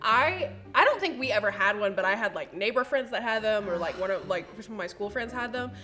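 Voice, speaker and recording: Enthusiastic woman panelist, lively and laugh-prone, music under her. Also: mid-range voice, a little fast. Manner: giggly, enthusiastic. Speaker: panelist reacting to old ads. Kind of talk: casual chat.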